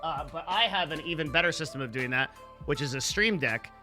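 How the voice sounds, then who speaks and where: A man's voice: on the high side, expressive, a little fast, sharp tone, faint music behind. A man chatting casually on a live stream, blunt and profane, rambling with lots of "like" and restarts. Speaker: livestreamer answering chat.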